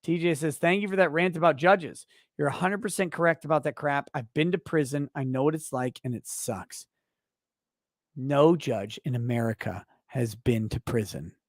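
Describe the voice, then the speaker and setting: Slightly tipsy guy ranting and cussing on his stream, kinda high voice, dry close sound. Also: normal speed, no echo. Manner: loud, profane, ranting, swings between shouting and muttering. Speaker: livestream host reading viewer donations. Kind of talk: casual livestream chat.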